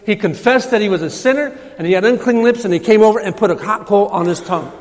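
A man's voice: high-pitched, quick pace. A man preaching a sermon in a church, emphatic and repetitive, his voice rising when he quotes scripture. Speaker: pastor. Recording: hall reverb.

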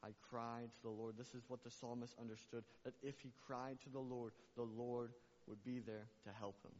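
A pastor preaches in a large church hall, his voice carrying a long reverb through dull, muffled sound with slight background noise. His delivery is flat and normal in speed, yet he rises to loud, emphatic peaks and sinks soft and low. He keeps repeating his questions back to the congregation in call-and-response fashion.

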